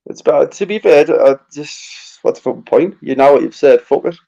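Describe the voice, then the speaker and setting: Gravelly man on a dull call line. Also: a little high, lively intonation, moderate pace, mellow. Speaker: livestream guest. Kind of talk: casual livestream chat.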